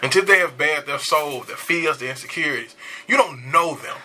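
A man's voice: a little high, normal speed, pushed and bright, breathy edge, low-quality recording. A man co-hosting a casual podcast chat, laughing often and giving earnest advice. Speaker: podcast co-host.

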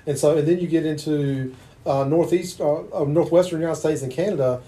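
A man's voice: fairly high pitch, a little fast, mellow. A man from eastern North Carolina with a Southern accent, interviewing a guest in a chatty, anecdotal way. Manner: chatty, affirming, tells anecdotes. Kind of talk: conversational interview.

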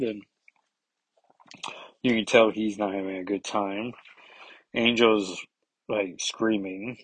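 A man's voice: on the low side, breathy edge, dry recording. A man casually recapping a comic book issue, rambling with many fillers and self-corrections.

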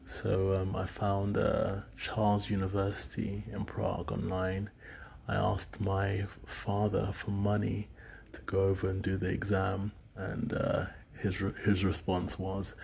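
A man's voice: sits low, completely flat delivery, unhurried, vocal fry, darkish tone, slight background noise. A man in his thirties from the UK, musing alone in a rambling, hesitant way with many fillers. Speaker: solo speaker recounting dreams. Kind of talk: casual monologue.

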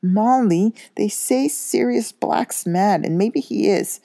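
A woman reading aloud and voicing an earnest father who argues heatedly and insistently, with a gravelly, mellow voice. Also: mid-range voice, slow, dry recording, studio quality, pitched above the performer's own voice.

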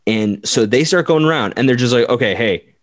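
A man's voice: medium pitch, fairly quick, dry recording, clean studio sound. A man on a podcast telling history casually, full of "like", acting out the people he quotes. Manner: rambling, full of "like", acts out quotes. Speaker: podcast co-host.

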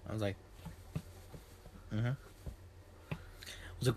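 A man's voice: mid-range voice, normal speed, a little hiss or hum. A young man hosting a podcast in casual chat, rambling and joking, swearing often and trailing off into fillers. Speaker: podcast host.

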